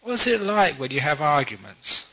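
A man who is a monk, giving a dharma talk with gently humorous, self-mocking storytelling. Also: a little high, big pitch swings, moderate pace, breathy edge. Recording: dull lo-fi recording.

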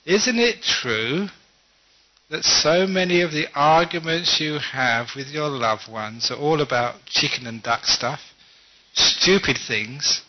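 Humorous storytelling monk, muffled recording. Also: male voice, medium pitch. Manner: gently humorous storytelling, self-mocking. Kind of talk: dharma talk. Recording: dull lo-fi recording.

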